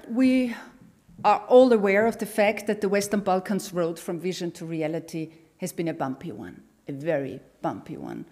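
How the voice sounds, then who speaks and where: A middle-aged woman with an Austrian accent, giving a formal, emphatic introduction at an event, with pauses and self-corrections. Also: on the low side, a little mellow. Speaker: party leader giving an introduction.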